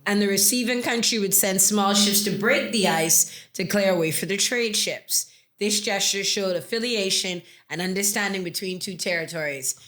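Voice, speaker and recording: Co-hosting a relaxed podcast, this woman reads out definitions of words and laughs often in between. Her voice sits at medium pitch, a touch bright, at ordinary speed.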